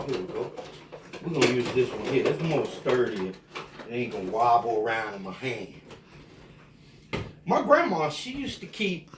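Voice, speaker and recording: A man's voice: a little high, a bit bright, echoey room, slight background noise. A tipsy man with a Louisiana Cajun accent, cooking and rambling in a folksy, drawling way for a casual cooking vlog. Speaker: home cook.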